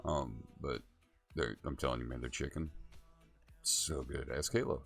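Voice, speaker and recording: A man's voice: a bass voice, fairly even intonation, measured pace, vocal fry, a bit bright, slightly rough, soft background music. A man hosting a casual chat, laid-back and agreeable, with plenty of filler words. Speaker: host.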